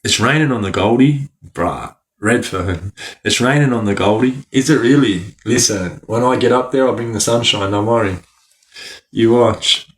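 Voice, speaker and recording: An Australian man hosts a livestream, chatting casually as he reads the chat, greeting viewers by name, laughing often and using plenty of slang. His voice is fairly low and his pace is normal.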